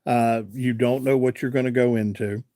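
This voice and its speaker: Here a mellow, mid-range male voice moves at normal speed with fairly even intonation. The speaker, a live-stream host from Virginia, USA, rambles through folksy stories in casual chat, pausing to read and reply to viewer comments.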